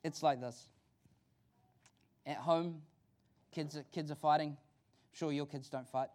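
A fired-up pastor with a New Zealand accent, preaching in church with a notably high-pitched voice. He talks in a loose, chatty way, doubling back and restarting phrases as his excitement runs ahead of him. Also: a little slow. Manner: excited, energetic, conversational preaching with frequent restarts. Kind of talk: sermon.

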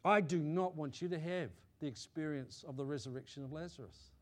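High-voiced New pastor preaching. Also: male voice, fairly quick. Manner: swings from loud emphatic declarations to low quiet asides; repeats and restarts phrases, checks in with listeners. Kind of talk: sermon. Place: church.

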